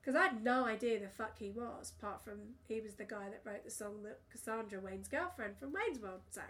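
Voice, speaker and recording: Lively woman telling a story. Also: a little high, a little fast. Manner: animated anecdote teller, swears freely, acts out quotes. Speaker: podcast co-host. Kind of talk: casual chat.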